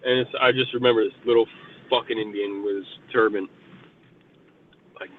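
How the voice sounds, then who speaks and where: A man from New York telling a long, rambling personal story, swearing constantly and filling pauses with filler words. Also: lowish voice, steady tone. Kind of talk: casual storytelling. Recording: muffled lo-fi with faint noise.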